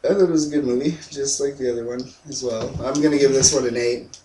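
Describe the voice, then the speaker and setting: A man's voice: mid-range voice, fairly even intonation, fast talker, warm tone. A young man recaps a film in a loose, rambling way, heavy with fillers. His voice sits far from the mic and bounces around an echoey room. A faint hiss runs underneath. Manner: rambling, laid-back retelling with frequent fillers. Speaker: movie review co-host. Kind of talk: casual movie recap chat.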